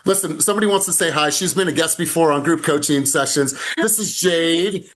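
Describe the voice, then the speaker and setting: Man, sales coach, emphatic, repeats himself, slightly high voice, video call. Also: a little fast. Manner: energetic and emphatic, with repeated words and laughs. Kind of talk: casual group coaching call. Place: home in the mountains.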